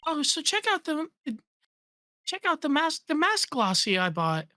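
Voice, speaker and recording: Sidekick perempuan muda yang bersemangat diperankan seorang wanita, suara agak tinggi dan cerah. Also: female voice, high-pitched, unhurried, a little hiss or hum, voice pushed up, heavily acted. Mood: excited. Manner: chatty, excitable. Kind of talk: reading game dialogue aloud.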